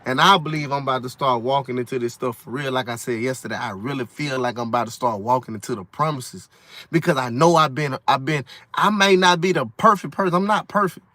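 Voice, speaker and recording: A man's voice: medium pitch, brisk, sharp tone, dry recording. A man giving an emphatic, repetitive faith testimony in a casual vlog. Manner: preachy, emphatic, repeats himself. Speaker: vlogger sharing testimony.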